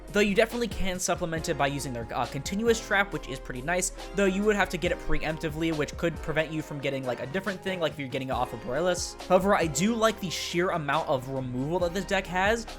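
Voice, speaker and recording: A man reviewing a card game deck in casual, rambling talk, speaking with a sick voice. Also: a little high. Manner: fast, rambling, with fillers and swearing. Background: faint background music.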